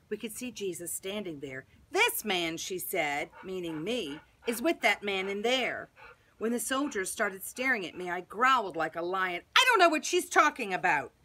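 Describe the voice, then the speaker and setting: A Sunday school teacher reading a children's bible story aloud in first person, dramatic with hushed and loud turns. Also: female voice, mid-range voice.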